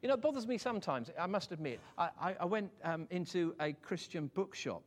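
A man's voice: high-pitched, animated, brisk. A man preaching a conversational sermon, self-deprecating and chuckling, often repeating words as he gathers his thoughts.

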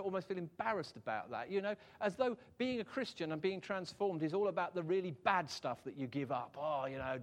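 A man preaching a conversational sermon, self-deprecating and chuckling, often repeating words as he gathers his thoughts. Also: fairly high pitch.

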